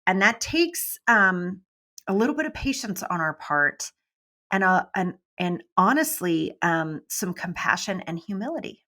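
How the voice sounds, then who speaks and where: A middle-aged woman, a business mentor guest, talking in a casual, animated way and acting out quoted voices. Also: on the low side, unhurried. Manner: animated, acts out quoted voices, laughs often. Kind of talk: casual interview talk.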